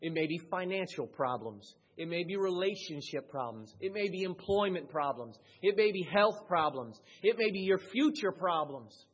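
Male pastor mid-sermon; husky, rises to loud high peaks and drops low and quiet. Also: expressive, normal speed, hardly any pauses.

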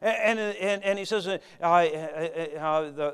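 A fervent male preacher whose high voice rings clear and smooth. He preaches to his congregation, moving between hushed asides and loud, urgent exhortation. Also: takes it slowly, hardly any pauses. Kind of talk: sermon.

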